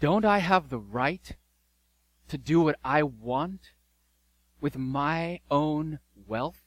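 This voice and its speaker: A man's voice: fairly high pitch, expressive, slow, dry recording. A man voicing a firm, generous landowner who challenges his grumbling workers with rhetorical questions. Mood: challenging.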